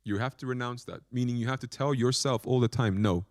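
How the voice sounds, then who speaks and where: A man's voice: medium pitch, fairly even intonation, brisk, dry recording, studio quality. A man, a monk, giving a spiritual lecture with playful, self-mocking asides and short phrases repeated for emphasis. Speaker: monk teacher.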